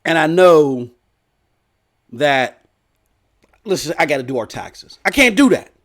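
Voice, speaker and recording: A man hosting a gaming news stream, telling a rambling story in a loud, animated way. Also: fairly high pitch, unhurried. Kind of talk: casual storytelling rant.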